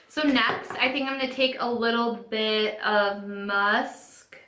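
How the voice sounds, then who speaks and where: Chatty young woman doing a makeup storytime, bright voice, echoey room. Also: fairly high pitch, unhurried, hardly any pauses. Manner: chatty, says "like" constantly, acts out quotes. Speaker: beauty vlogger. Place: home room, sitting at a makeup setup.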